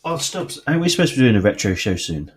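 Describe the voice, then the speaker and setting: A man's voice: mid-range voice, big pitch swings, quick pace. A man, joking playfully on a casual podcast. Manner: jokey, playful.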